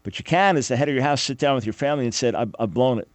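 A man's voice: mid-range voice, lively intonation, racing, no echo. Fervent preaching man, dry studio voice. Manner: fervent, emphatic, repeats phrases. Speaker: radio talk show host. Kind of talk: preaching talk radio monologue.

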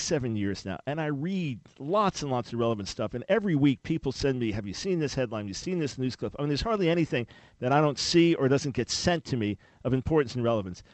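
A man hosting a call-in radio talk show, speaking in an emphatic, animated preaching style with sudden loud peaks. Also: mid-range voice, no room sound.

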